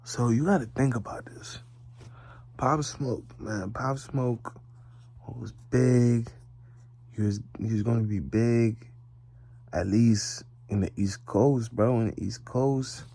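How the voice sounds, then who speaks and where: Sleepy man with a very dark voice. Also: mid-range voice, slow pace, creaky. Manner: rambling and drowsy, drifting into near-whispers. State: sleepy, yawning. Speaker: vlogger. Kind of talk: casual late-night monologue. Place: bedroom, lying in bed.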